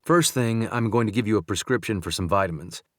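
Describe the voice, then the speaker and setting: A man voicing a calm male country doctor in an audiobook, speaking gently and steadily. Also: on the low side, a little fast, no room sound, studio quality, lightly acted. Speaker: audiobook narrator. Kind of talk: audiobook dialogue reading.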